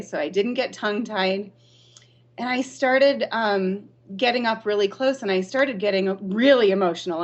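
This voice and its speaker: A woman from Arizona, a teacher, telling stories in a podcast interview, lively and often laughing. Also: medium pitch, lo-fi sound. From Arizona, USA. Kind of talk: storytelling in an interview.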